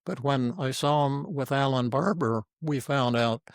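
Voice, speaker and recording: A frank older man talks through a teaching session, spinning one case story after another in a plain, blunt way. His voice sits at an ordinary pitch for a man and sounds close and dry, with no room echo. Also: a little slow, smooth. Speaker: psychiatrist and teacher. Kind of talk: informal teaching talk with stories.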